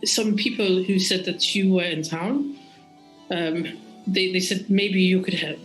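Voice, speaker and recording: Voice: mid-range voice, steady tone, fairly bright tone, faint music behind, close to an everyday voice, poor audio. A game master doing a worried gnome mother with a put-on German accent. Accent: put-on vaguely German. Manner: anxious, halting, stammering. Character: worried deep gnome mother searching for her lost son.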